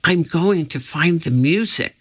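Man voicing a young girl, eager, bossy, high and urgent, whispery, slightly muffled audio. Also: expressive, unhurried. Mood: eager whisper.

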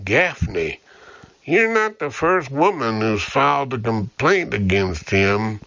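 A man reading an audiobook, voicing a steady middle-aged police captain who speaks in a measured, restrained way. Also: medium pitch, creaky, dry recording, highs cut off, exaggerated voice.

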